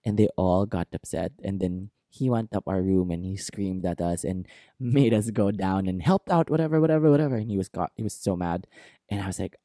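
A man with a lowish, warm, relaxed voice talks on his podcast in an open, rambling monologue. He circles back on himself, leaning on "like" and "you know". The sound is dry and close, with no room around it. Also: dry recording. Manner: rambling and candid, many fillers like "like" and "you know". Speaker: podcast host. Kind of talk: casual self-help monologue.

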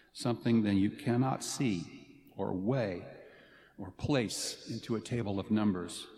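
A man delivers a commencement speech, earnest yet playful, and leans on pauses for effect. His voice sits at a middle pitch. It carries through a large hall with long reverb and a faint background hum. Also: darkish tone. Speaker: faculty commencement speaker.

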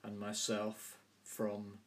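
A man with a Southern English accent hosting a language podcast, explaining points in a measured, scripted way. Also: fairly low pitch, completely flat delivery. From London and the South of England. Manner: measured, carefully spoken. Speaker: podcast host.

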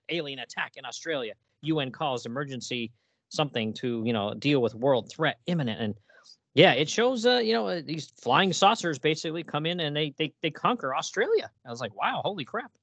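A man's voice: mid-range voice, fairly bright tone, no echo. A man hosting a podcast, chatting casually and with enthusiasm, laughing often and restarting his sentences. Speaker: podcast host. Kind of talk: casual chat.

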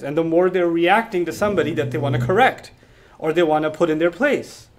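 A man giving an emphatic, explanatory Quran lesson, reciting Arabic verses between points. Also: high-pitched. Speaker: Islamic teacher.

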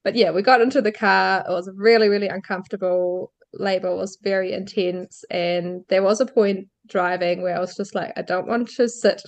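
A woman's voice: mid-range voice, little pitch movement, normal speed, hardly any pauses. A woman guest on a podcast, candidly recounting her birth story and laughing lightly between phrases. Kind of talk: personal birth story in an interview.

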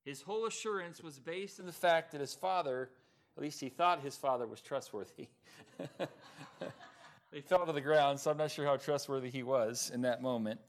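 A man's voice: a little high, moderate pace. A man preaching an evening sermon as pastor, talking in a conversational, self-deprecating way with plenty of fillers, then closing in prayer.

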